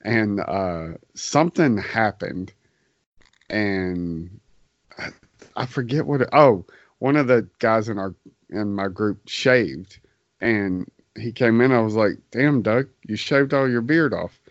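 A man co-hosting a podcast in casual chat, telling stories with laid-back, dark humor. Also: on the low side, animated, takes it slowly, no room sound, highs cut off. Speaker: podcast co-host.

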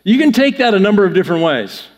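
High-voiced man preaching a sermon. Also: big pitch swings, fast, a little mellow, in a large hall. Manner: conversational, joking with the congregation. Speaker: pastor.

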